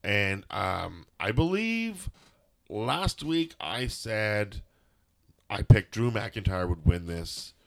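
A man's voice: on the low side, sing-song, slow, vocal fry, a bit bright. A man, co-hosting a casual podcast. He rambles through the recap with sarcastic jokes and loose asides. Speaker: podcast co-host. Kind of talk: casual wrestling recap chat.

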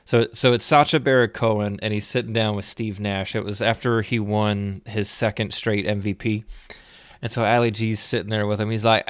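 A man hosting a podcast, an animated and rambling storyteller in casual chat. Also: fairly low pitch, moderate pace, dry recording, studio quality. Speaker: podcast host.

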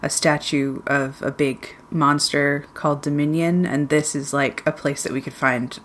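A woman playing a tabletop game, her voice on the low side for a woman. She talks hesitantly, stumbling and repeating herself. A faint ambient noise sits behind her. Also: level tone, unhurried, fairly bright tone. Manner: hesitant, stammering. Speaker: player.

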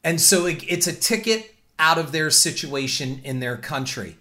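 A man's voice: fairly high pitch, animated, normal speed, bright, forceful tone. A man hosting a talk show, delivering a blunt, indignant and profane opinion rant. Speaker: podcast host.

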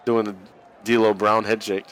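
A man's voice: on the low side, level tone, unhurried, fairly bright tone, some chatter behind, slight background noise. A man co-hosting a podcast, calling a wrestling match in a crude, joking way and laughing often. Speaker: podcast co-host watching wrestling. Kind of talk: casual watch-along commentary.

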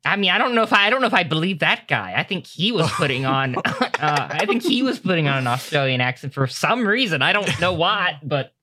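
A man's voice: fairly high pitch, big pitch swings, a little fast, few pauses, pushed and bright, full character voice. A man playing a blunt male crewmate who gives hesitant, dry criticism. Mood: critical.

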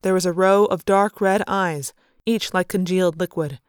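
Woman narrating an audiobook, smooth and low. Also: steady tone, moderate pace, dry recording, studio quality. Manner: dramatic, vivid storytelling. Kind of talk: first-person story narration.

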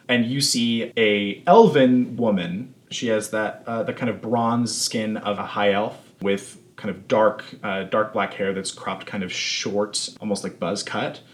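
A man's voice: fairly low pitch, fairly even intonation, a little slow, hardly any pauses. A man narrating as game master in a tabletop game, casual and full of fillers.

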